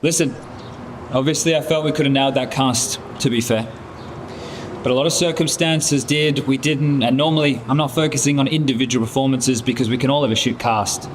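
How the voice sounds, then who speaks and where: A man's voice: medium pitch, noisy background. A man, an esports caster, bluntly scolding a teammate and swearing often. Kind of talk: heated team talk.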